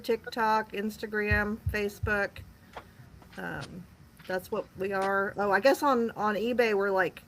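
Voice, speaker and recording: A woman co-hosting a live reselling chat, relaxed and offhand. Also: mid-range voice, a little hiss or hum, poor audio. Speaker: co-host. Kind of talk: casual live-stream chat.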